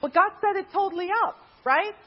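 A woman from Guyana casually telling a personal story in a chatty way, laughing often, on a dull lo-fi recording. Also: a little fast. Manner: chatty, laughs often, animated pitch jumps.

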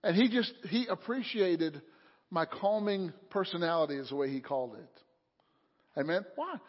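A man preaching a sermon, telling a story calmly and then rising to loud, fervent preaching. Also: sits high, a little slow. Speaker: pastor. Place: church sanctuary. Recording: muffled sound in a reverberant hall.

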